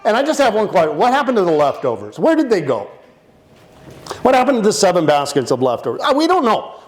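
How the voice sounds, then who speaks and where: A male pastor preaching a lively sermon, playful and animated, acting out the disciples in funny voices. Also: sits high.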